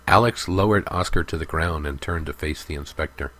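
A man narrating a story in a steady, even audiobook style. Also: a bass voice, fairly quick, hardly any pauses.

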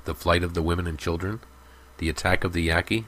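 A man narrating a story in a steady, even audiobook style. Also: deep voice, quick pace.

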